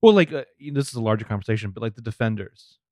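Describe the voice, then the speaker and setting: A man's voice: lowish voice, animated, very fast, darkish tone, dry recording, clean studio sound. Joking man co-hosting a film chat. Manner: joking, wry asides. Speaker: podcast co-host. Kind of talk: casual movie review chat.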